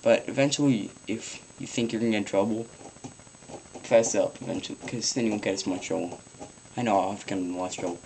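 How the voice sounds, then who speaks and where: Rambling teenage boy with a low voice. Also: fairly quick, vocal fry, a little mellow, slight background noise, low-quality recording. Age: teens. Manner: rambling, swears casually, lots of ums. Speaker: vlogger. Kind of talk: casual advice vlog.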